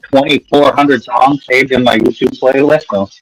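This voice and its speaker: A man's voice: mid-range voice, fairly even intonation, moderate pace, faint music behind, poor audio. A man chatting casually on a livestream, laid-back, explaining things plainly and joking. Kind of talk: casual chat.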